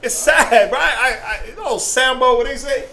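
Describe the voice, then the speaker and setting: A man's voice: very high-pitched, moderate pace, gravelly, bright, forceful tone, rough recording. A man speaking passionately in a group discussion, acting out the people he quotes and laughing often. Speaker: discussion participant.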